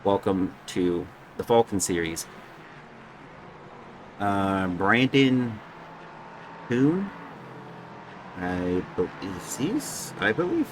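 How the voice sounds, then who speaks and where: Man, race commentator, joking and chatty, deep voice, steady hum in the background. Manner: joking, chatty, stumbles over names. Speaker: sim racing commentator. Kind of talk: casual live race commentary.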